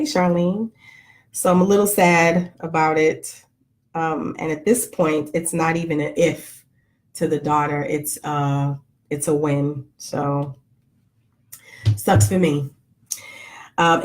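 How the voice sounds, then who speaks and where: Middle-aged lady vlogging live, chatty and jokey, says hi to viewers as she goes. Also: deep voice. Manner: chatty, joking, greets viewers by name. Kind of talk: casual chat to live viewers.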